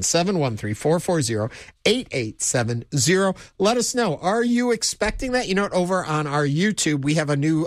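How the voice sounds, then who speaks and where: A man's voice: a little high, no room sound, clean studio sound. A man co-hosting a call-in talk radio show, thinking aloud and inviting listeners to call.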